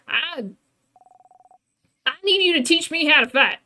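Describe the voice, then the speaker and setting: A woman voicing an eager, anxious young kid with a high, pleading, excitable voice in a game read-along. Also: measured pace, full character voice.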